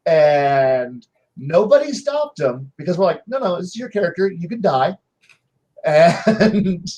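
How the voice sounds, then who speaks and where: A man's voice: high voice, unhurried. A man on a panel telling game stories in casual chat, acting out his players' lines and restarting often. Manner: animated anecdotes with many restarts and acted-out quotes.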